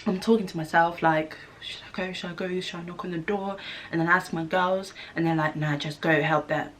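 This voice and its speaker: A young woman, telling an animated storytime vlog and acting out the voices she quotes. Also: fairly low pitch, a little fast, a little hiss or hum. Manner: animated, acts out screams and quotes. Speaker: vlogger. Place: student flat room.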